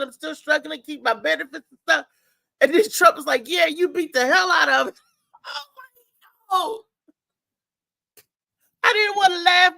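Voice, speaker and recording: A woman hosts a live morning show in a heavily gravelly, bright voice pitched a bit high. She rambles through her thoughts, repeating words and acting out other people's lines. The sound is very dry and close. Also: dry recording. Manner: rambling, animated retelling with many repeats and acted-out quotes. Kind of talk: casual live-stream commentary.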